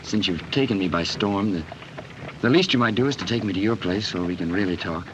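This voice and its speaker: A bold, smooth-talking young suitor, earnest and persuasive, played by an actor. His voice sits fairly low. It comes through a hissy old 1930s film soundtrack. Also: brisk, dull audio, lightly acted. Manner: earnest, persuasive romantic talk.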